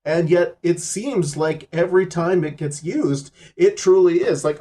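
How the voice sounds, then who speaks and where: Chatty man, slightly high voice. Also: unhurried, few pauses, mellow. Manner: chatty, laughs through his retelling. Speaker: podcast co-host. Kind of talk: casual film discussion.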